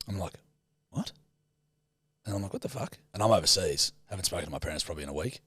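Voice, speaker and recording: A man's voice: sits low, expressive, quick pace, long pauses, bright, forceful tone, slightly rough, no echo, clean studio sound. A man co-hosting a podcast, telling a story in a loose, sweary, laughing way. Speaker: podcast co-host. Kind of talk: casual chat and storytelling.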